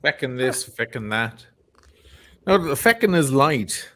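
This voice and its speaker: A man's voice: mid-range voice, very animated, a little slow, pushed and bright, slight background noise. A tired, slightly drunk man with an Irish accent, hosting a loose chat, swearing freely and laughing. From Ireland. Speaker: podcast host. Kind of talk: casual late-night chat.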